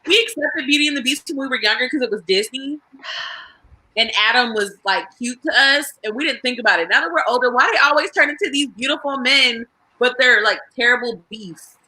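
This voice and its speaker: A woman's voice: high voice, a little fast, sharp tone, poor audio. A woman co-hosting a podcast in casual chat, asking quizzical questions. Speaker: podcast co-host.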